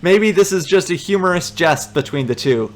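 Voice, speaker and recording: A man's voice: high-pitched, animated, normal speed. A man playing a text adventure, reading the narration aloud and adding amused, joking asides. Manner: amused, joking asides between read passages. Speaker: let's player.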